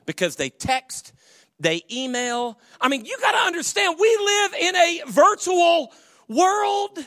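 Lively animated male pastor preaching. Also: extremely high pitch, slow, dry recording, studio quality. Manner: animated storyteller, acts out quoted voices loudly. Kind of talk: sermon with humorous stories.

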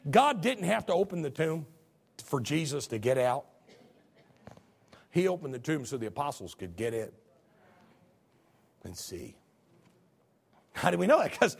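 Male pastor, sermon, high and very animated, shouts then drops to a near hush. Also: normal speed, vocal fry, long pauses, husky. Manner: dramatic, swings from booming shouts to low hushed tones. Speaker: preacher.

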